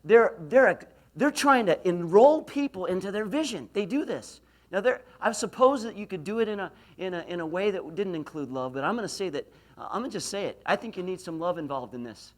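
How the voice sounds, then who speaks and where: This man is also a middle-aged motivational speaker from Idaho, lecturing at a university with self-deprecating anecdotes and questions for the crowd. Here his voice is high, animated and brisk.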